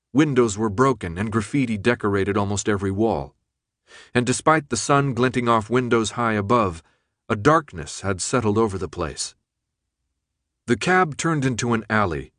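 A man reading a novel aloud as narrator, in a steady, measured manner. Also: fairly low pitch, no echo, studio quality. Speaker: audiobook narrator. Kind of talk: scripted narration.

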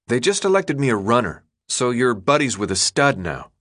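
A man's voice: medium pitch, sing-song, moderate pace, a bit bright. A man voicing a nervous teenage boy who talks lightly and a bit hurriedly to hide his fear.

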